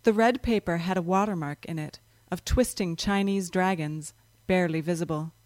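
A woman narrating a story in a calm, measured reading voice. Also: on the low side, no echo.

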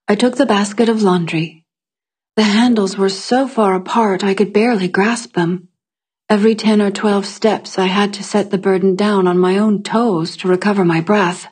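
Husky woman narrating a story. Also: mid-range voice, fairly even intonation, a little mellow. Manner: measured first-person storytelling. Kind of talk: audiobook fiction narration.

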